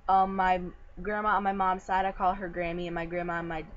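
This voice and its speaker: A woman's voice: on the low side, flat delivery, fairly quick. A teenage girl chatting casually through a vlog challenge, reading out a word list with fillers, at home. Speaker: vlogger. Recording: dull lo-fi webcam sound.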